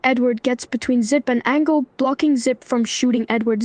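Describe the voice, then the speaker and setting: A woman's voice: fairly high pitch, fairly even intonation, normal speed, darkish tone, no room sound. Synthetic woman narrator, dry and close. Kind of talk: AI chatbot story narration.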